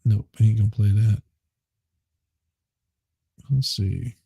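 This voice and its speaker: A man's voice: lowish voice, steady tone, slow, gravelly, warm tone, breathy edge, no echo. A man hosting a live stream, rambling casually and chuckling as he reads chat. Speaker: livestream host.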